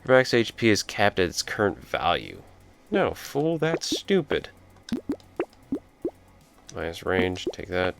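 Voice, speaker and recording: A man's voice: low-pitched, wildly swooping pitch, slow, vocal fry, long pauses, music in the background. A man telling a rambling story while playing a video game, breaking off to react to the game. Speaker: let's play commentator. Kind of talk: casual storytelling over gameplay.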